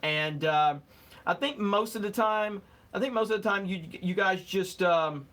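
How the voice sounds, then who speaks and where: A man's voice: sits high, a little slow, fairly bright tone. A young man hosting a live stream, casually reading out chat comments with a joking, rambling manner and the odd fumble over words.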